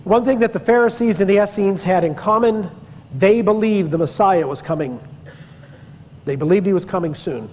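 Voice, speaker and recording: A Pennsylvania man delivers a conversational church history lecture in a classroom Bible-study style, wandering off on tangents and leaning on key words. His voice is high-pitched with a darkish tone at normal speed. It sounds like a big room, with slight hiss or hum.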